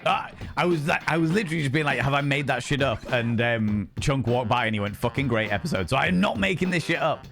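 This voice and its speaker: A young male streamer chatting casually over a game, excitable and sweary, rambling from one thought to the next. His voice sits in a middle range, with soft music playing faintly behind him. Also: medium pitch, fast talker, vocal fry, hardly any pauses.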